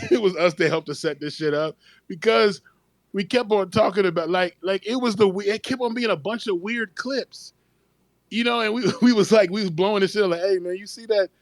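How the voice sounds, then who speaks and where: This man speaks in a noticeably high voice and chats casually with friends. He tells stories with lots of energy, swears often and breaks into frequent laughter. His voice sounds close and dry. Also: brisk, no echo. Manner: laughing storyteller, profane and animated. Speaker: call-in discussion participant. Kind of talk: casual chat.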